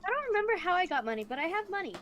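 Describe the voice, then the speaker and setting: A woman's voice: very high-pitched, big pitch swings, rapid-fire, a bit bright, a little hiss or hum. A woman playing a tabletop game, speaking for her character in an easygoing, polite way. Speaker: player.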